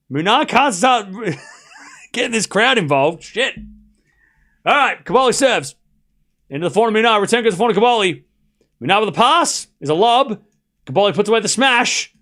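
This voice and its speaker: A man calling a tennis match live for his stream, excitable and chatty, chuckling between points. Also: sits high. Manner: excitable play-by-play, chatty, laughs often. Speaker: streamer host. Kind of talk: live watchalong commentary.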